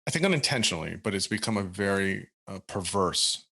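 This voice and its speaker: A man's voice: low voice, lively intonation, brisk, creaky, pushed and bright, breathy edge. A man hosting a podcast interview, thinking aloud with many restarts and fillers. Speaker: podcast host. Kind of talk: casual interview conversation.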